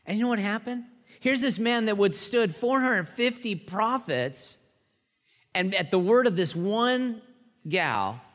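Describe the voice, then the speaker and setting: A male pastor preaching a sermon with animated storytelling, acting out the quotes. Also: a little high. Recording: long hall reverb.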